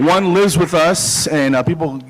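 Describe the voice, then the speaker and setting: A middle-aged man, a dental hygienist, doing a loose stand-up comedy set, self-deprecating and halting, with many fillers and chuckles. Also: on the high side, crowd noise, noisy background.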